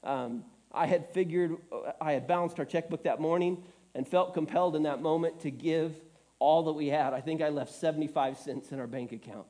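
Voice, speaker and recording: A man's voice: a little high, brisk, warm tone. A middle-aged man preaching a sermon, telling stories earnestly with self-deprecating humor, choked up and tearful. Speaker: pastor.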